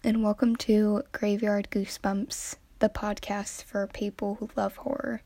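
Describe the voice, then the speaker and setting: A woman's voice: mid-range voice, flat delivery, unhurried, dark tone. A young woman hosting her first podcast, sounding a bit nervous and earnest. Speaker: podcast host. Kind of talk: casual solo podcast intro.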